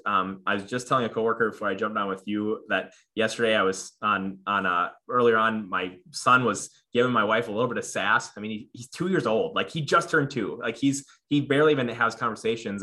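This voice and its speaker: Bright-toned man rambling earnestly. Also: on the low side. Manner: earnest, rambling with many fillers and restarts. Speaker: podcast guest. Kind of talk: casual interview conversation.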